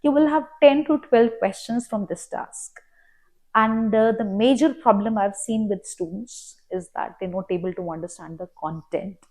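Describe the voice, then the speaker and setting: A woman's voice: mid-range voice, normal speed, warm tone. A woman with an Indian English accent giving exam tips as a coach. She speaks in an earnest, explanatory way and walks through her advice step by step. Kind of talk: instructional talk to camera.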